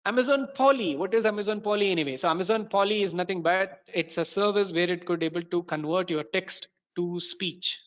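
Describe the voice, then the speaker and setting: Halting Indian English instructor, roomy sound. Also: male voice, high-pitched, a bit bright, highs cut off. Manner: halting, many fillers and restarts. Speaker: course instructor. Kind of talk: webinar demo walkthrough.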